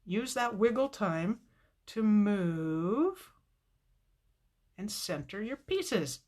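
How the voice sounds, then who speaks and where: A woman's voice: medium pitch, big pitch swings, extremely slow, darkish tone. A woman hosting a casual live card-making tutorial, chatting to viewers by name and laughing often.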